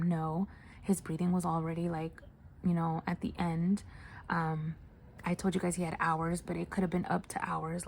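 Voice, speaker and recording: A woman who works as a nurse, telling a story in a casual storytime. She speaks softly, often close to a whisper, with many fillers. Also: on the low side, vocal fry, slight background noise. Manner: soft, hushed delivery with many fillers.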